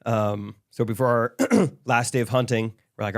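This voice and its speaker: Man, young adult, podcast co-host, casual chat, relaxed storyteller, mid-range voice. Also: mid-range voice, moderate pace. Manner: laid-back storyteller, laughs often.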